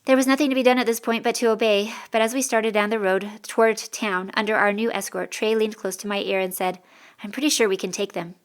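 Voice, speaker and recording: A woman reading a first-person story as an audiobook narrator, steady and clear. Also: on the high side, brisk, few pauses.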